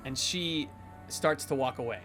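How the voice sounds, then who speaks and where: A man's voice: medium pitch, measured pace, over music. A man narrating a tabletop role-playing game as game master, in a casual, rambling way with many fillers.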